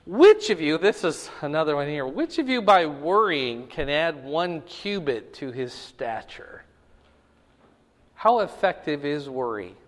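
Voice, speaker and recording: Male pastor, unhurried sermon delivery with rhetorical questions, high-pitched voice, recorded in an echoing church hall. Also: big pitch swings, a bit bright. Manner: reads scripture with rising emphasis, then explains casually; asks the audience rhetorical questions.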